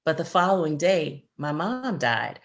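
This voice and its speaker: A woman's voice: deep voice, very animated, unhurried. A middle-aged woman co-hosting a faith-based chat, speaking earnestly and reflectively, often repeating words as she finds them. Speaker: podcast co-host and grief expert.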